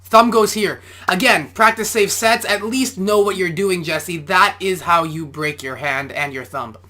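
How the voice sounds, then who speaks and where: A man's voice: high voice, measured pace, sharp tone. A man, an amateur boxer, giving casual reaction commentary and explaining boxing technique step by step.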